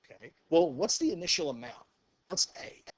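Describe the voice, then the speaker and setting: A teacher with a slightly high voice, calling out "okay" often. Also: male voice, moderate pace, dry recording. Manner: relaxed, says "okay" and "go ahead" often, quizzes the class. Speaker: math teacher. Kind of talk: classroom lecture. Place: classroom with students.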